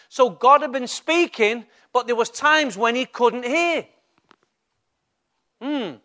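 An older man with a Mancunian accent, a pastor preaching a lively sermon and putting questions to the congregation in church. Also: extremely high pitch, measured pace.

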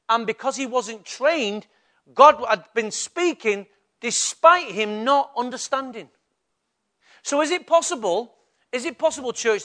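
Older mancunian man preaching in church, keeps asking the crowd questions, really high voice. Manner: lively preaching, questions to the congregation. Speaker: pastor. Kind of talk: sermon.

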